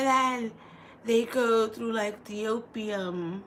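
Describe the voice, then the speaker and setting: A woman's voice: medium pitch, measured pace, a bit bright, slight background noise. A woman in her thirties chatting casually to her vlog viewers, rambling and playful, with lots of "like" and restarts. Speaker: vlogger.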